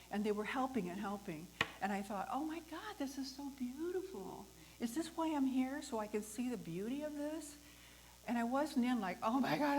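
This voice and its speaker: A woman hosting a talk, telling a personal story in a lively way, acting out the voices of the people in it and laughing often. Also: mid-range voice, slight background noise, poor audio. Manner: animated, acts out the voices in her story. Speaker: host.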